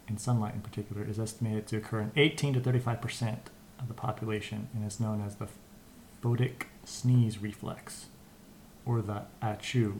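Low-voiced man on a chat podcast. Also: slight background noise. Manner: relaxed, reads a search result aloud. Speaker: podcast co-host.

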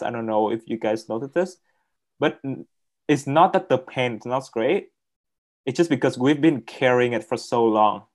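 Male guest, halting and sincere, mid-pitched voice. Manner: hesitant, restarts, plain words. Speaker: interview guest, coaching client. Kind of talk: personal testimony.

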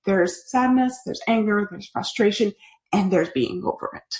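A woman hosting a live online parenting class, talking in an animated, chatty way as she answers viewer comments. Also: mid-range voice, moderate pace. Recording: echoey room.

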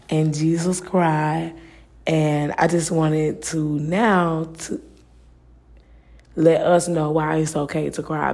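A woman's voice: deep voice, creaky, warm tone. A woman hosting a faith-based podcast, talking earnestly and personally, with many fillers. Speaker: podcast host.

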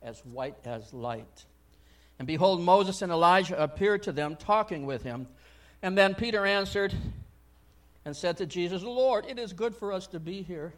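Male pastor, high voice, sermon; chatty asides, loud-to-hushed swings. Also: normal speed. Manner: swings between loud exhortation and soft near-whispered asides; conversational, frequent "I mean" and "you know".

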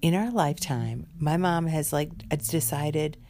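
A woman's voice: low voice, measured pace. A woman ranting casually with an exasperated, profane, rambling manner, overtired and worn out.

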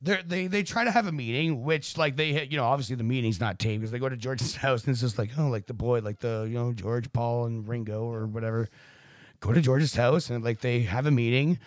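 A man's voice: medium pitch, fairly quick. A man on a casual podcast, rambling and swearing as he acts out quotes in voices. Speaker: podcast co-host.

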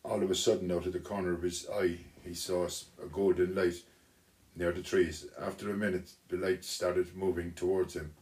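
Man, storyteller, children's story read aloud, very low pitch, unhurried, small restarts. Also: little pitch movement, darkish tone.

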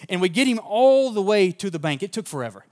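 A man's voice: sits high, sing-song, quick pace, darkish tone. Earnest storytelling preacher, a man. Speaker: pastor. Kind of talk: sermon with personal story.

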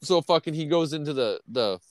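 A man's voice: on the high side, expressive, fairly quick, dry recording. Male podcast host, profane rambling chat, dry close mic. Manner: rambling, heavy swearing, ranting.

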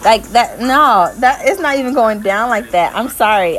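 A woman's voice: a little high, lively intonation, fairly bright tone, soft background music. A woman vlogger answering viewer questions in a candid, casual way. She speaks her mind plainly and often breaks into laughter. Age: adult mother. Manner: frank and opinionated, slow and deliberate, often breaks into laughter.

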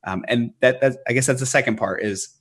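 A man's voice: medium pitch, a little fast, fairly bright tone, slightly rough. A man who runs a business, a guest on a podcast, explaining his methods earnestly with frequent fillers and restarts. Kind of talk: podcast interview.

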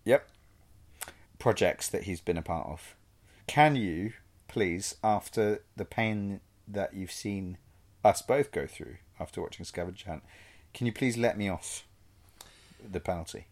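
A man's voice: low voice, unhurried, pauses often, a little mellow. A man co-hosting a film podcast in casual chat, earnest and self-deprecating, sometimes mock-pleading. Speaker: podcast co-host.

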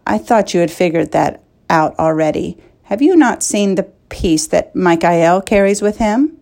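Lady doing a knowing old man advisor, wry and unhurried. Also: on the low side, gravelly, darkish tone.

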